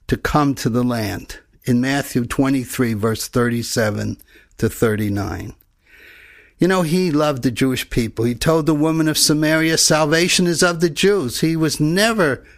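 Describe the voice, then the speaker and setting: A man preaching a sermon in an earnest, measured teaching manner, reading scripture passages aloud. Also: fairly high pitch, no room sound.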